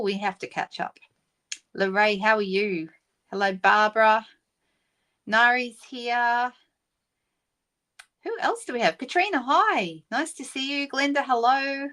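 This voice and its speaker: A middle-aged woman hosts a live stream in a relaxed, chatty way. She greets viewers one by one and talks through her plans with easy fillers. Her voice sits at an ordinary middle pitch. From Australia. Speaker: papercraft demonstrator hosting a live stream. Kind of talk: casual live-stream chat.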